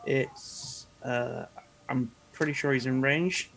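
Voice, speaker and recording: Gravelly-voiced male player. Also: medium pitch, fairly even intonation, takes it slowly, fairly bright tone. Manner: describes his character's actions. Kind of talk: casual tabletop game talk.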